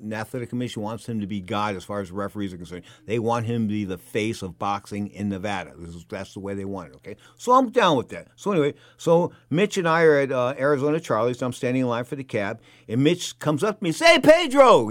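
A middle-aged man telling a casual anecdote, animated and rambling, full of repeats and fillers. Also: mid-range voice, quick pace, hardly any pauses, dry recording. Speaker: storyteller.

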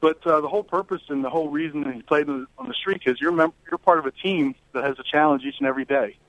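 A middle-aged man talking as a guest on a radio show over the phone, relaxed, with many fillers and restarts. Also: fairly high pitch, fast talker, no room sound. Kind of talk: phone interview. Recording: tinny phone line.

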